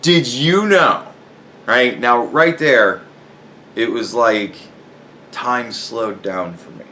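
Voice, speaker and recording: A man's voice: fairly low pitch, takes it slowly, a little hiss or hum. A man casually telling a funny story from work, swearing often and breaking into laughter as he goes. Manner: profane, animated, laughing a lot while telling. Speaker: podcast host.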